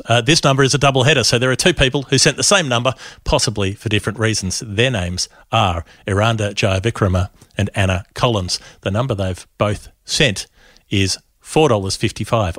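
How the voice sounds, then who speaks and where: A man's voice: fairly low pitch, fairly bright tone, no room sound, studio quality. A man co-hosting a cricket podcast, talking in a playful, jokey, rambling way. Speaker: podcast co-host. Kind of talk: casual cricket chat.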